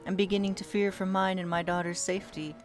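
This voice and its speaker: A streamer reading the lines of a frightened young mother from a game, in a soft, worried way. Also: medium pitch, little pitch movement, fast talker, soft background music, voice pushed up, natural voice. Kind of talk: reading game dialogue aloud.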